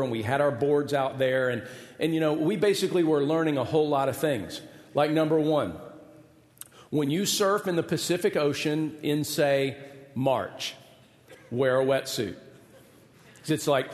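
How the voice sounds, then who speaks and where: A man in his forties preaches from the pulpit, telling a story with a humorous, self-deprecating touch. His voice sits a little high for a man. The sound rings through a large hall with long reverb. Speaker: pastor. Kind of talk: sermon with a personal story.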